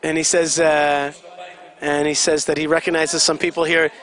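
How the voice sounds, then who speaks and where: A high-voiced man gives chatty live commentary at an event. He keeps explaining what is going on and quizzes his listeners. Vehicle noise can be heard outside behind him. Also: little pitch movement, normal speed, a bit bright. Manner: chatty, explaining, asks the audience questions.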